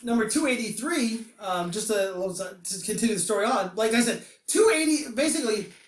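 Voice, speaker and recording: A man's voice: animated, fairly quick. Rambling man in a roomy room. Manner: rambling, laughing, acts out quotes in a high voice. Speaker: podcast host reviewing comics. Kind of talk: casual podcast chat. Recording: roomy echo, distant from the mic.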